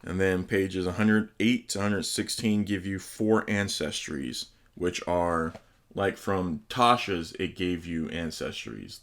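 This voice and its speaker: Host with a very low voice doing a casual unboxing review, chatty and enthusiastic. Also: male voice, creaky. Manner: enthusiastic, chatty, with hesitant pronunciations. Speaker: host reviewing tabletop game books.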